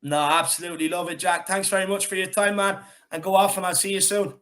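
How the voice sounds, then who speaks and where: A man hosts a lively fan call-in, talking in a high, bright voice. He rambles along, cracks jokes and keeps the energy hyped. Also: quick pace. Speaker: host of a fan call-in show. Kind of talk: casual chat.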